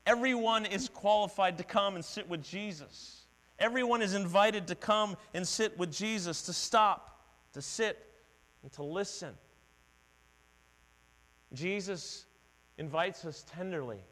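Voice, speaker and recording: A man's voice: sits high, measured pace, long pauses, fairly bright tone. A middle-aged male pastor preaching a conversational, earnest sermon in a church. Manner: conversational, earnest, acts out quoted voices. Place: church sanctuary. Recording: long hall reverb with mains hum.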